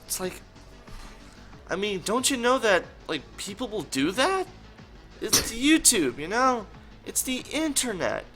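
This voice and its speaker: A young man chats casually, his bright voice swinging widely in pitch as he jokes and laughs along. Faint music plays underneath. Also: very animated, unhurried, pauses often. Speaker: podcast co-host. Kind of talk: casual chat.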